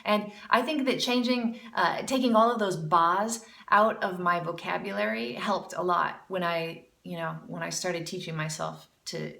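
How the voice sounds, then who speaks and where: With a lowish, bright and forceful voice marked by vocal fry, a woman gives feedback in a jazz vocal lesson, unhurried yet hardly pausing. She's warm and talkative, scatting to show what she means, recorded roomily and somewhat distant from the mic over music.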